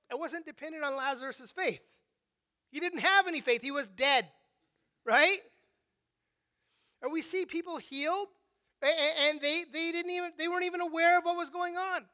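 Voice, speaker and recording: The sermon comes in a high, bright voice, swinging from quiet passages to raised ones. The preacher is emphatic, repeatedly restarting phrases and checking in with a rhetorical "right?"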